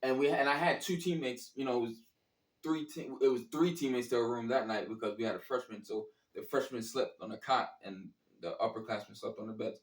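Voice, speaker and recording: A man's voice: mid-range voice, a little fast. Slangy man telling a story in an echoey room. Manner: profane, slangy, animated retelling that acts out his own past reactions. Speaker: storyteller recounting a college basketball trip. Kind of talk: casual storytelling. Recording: echoey room, distant from the mic.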